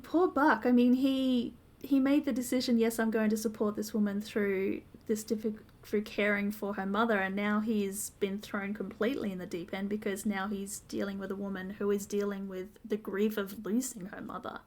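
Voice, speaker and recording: A woman's voice: mid-range voice, flat delivery, normal speed, few pauses, darkish tone. A woman co-hosting a podcast, recapping a TV episode in a casual, detailed, step-by-step way with frequent ums. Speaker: podcast co-host.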